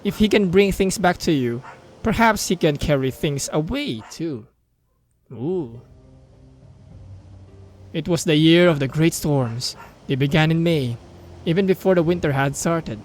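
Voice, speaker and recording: Excitable Filipino-accented young gamer. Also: male voice, on the high side, measured pace, pauses often, a little hiss or hum. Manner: excitable, reads on-screen story text aloud, mixes in Tagalog asides. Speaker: gaming YouTuber. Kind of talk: mobile game let's play and reading aloud.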